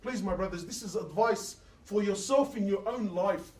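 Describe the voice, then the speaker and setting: Man preaching, high-pitched, impassioned, heard from a distance. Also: normal speed, a little mellow, roomy sound. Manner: impassioned, quotes others in dialogue, asks rhetorical questions. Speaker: Islamic preacher. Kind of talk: emotional sermon.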